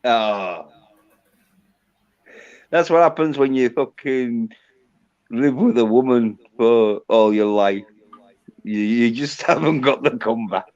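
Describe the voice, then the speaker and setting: A man's voice: mid-range voice, takes it slowly, long pauses, darkish tone. A man hosting a casual livestream, trading crude, profane banter with his guests. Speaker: livestream host. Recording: dull lo-fi sound.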